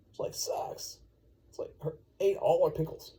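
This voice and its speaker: A man's voice: fairly high pitch, moderate pace, mellow. A man telling an improvised bedtime story at home while caring for a baby, rambling and laid-back. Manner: rambling, laid-back, full of "you know". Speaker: father.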